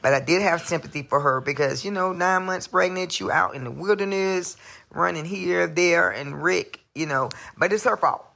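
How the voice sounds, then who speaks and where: A woman phones in to a show with a gravelly, fry-edged voice. She speaks bluntly and casually and circles back on her points, repeating words for emphasis. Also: fairly low pitch, normal speed, a bit bright. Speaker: caller.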